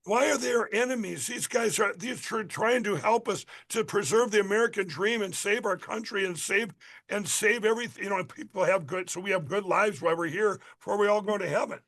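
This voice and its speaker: A man's voice: sits high, fairly quick, fairly bright tone. A middle-aged man from Minnesota, a political candidate guest on a radio interview, talking in a rambling, emphatic way with many restarts.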